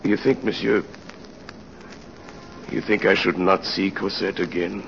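An actor playing a tormented aging ex-convict father in an old-time radio drama, speaking in a somber, halting way. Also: deep voice, fairly even intonation, vocal fry, fairly bright tone, muffled recording, a little hiss or hum, heavily acted. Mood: grave.

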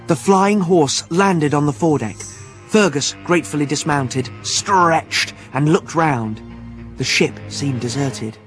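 Expressive male audiobook narrator. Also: on the high side, slow pace, faint music behind. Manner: expressive, vivid storytelling. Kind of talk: audiobook narration of a children's adventure.

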